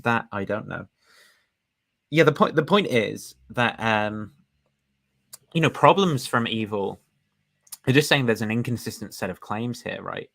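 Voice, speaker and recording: Guy with a lowish voice chatting loosely through a video review, rambly, talks over the clip. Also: animated, unhurried, creaky, long pauses, fairly bright tone. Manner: rambling, chatty, laughs at himself. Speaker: host reviewing a discussion. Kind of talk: casual commentary.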